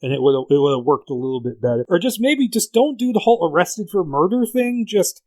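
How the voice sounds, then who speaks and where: A man's voice: sits high, expressive, fairly quick, darkish tone, no room sound, low-quality recording. A man co-hosting a podcast, casually retelling a script in a chatty way and laughing often. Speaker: podcast co-host.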